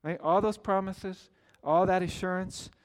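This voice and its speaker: A man with a notably high speaking voice delivers a sermon as pastor. He tells stories plainly, then lifts into earnest, emphatic calls to his listeners. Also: fairly even intonation, a little slow. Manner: earnest preaching with rising emphatic exclamations.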